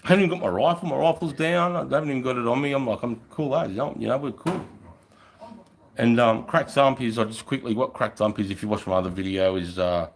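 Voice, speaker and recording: An Australian man, a middle-aged army veteran, telling war stories on a live stream in a casual, profane, animated way. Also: mid-range voice, brisk, gravelly, a little hiss or hum, rough recording. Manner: profane, animated, acts out voices. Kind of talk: casual storytelling.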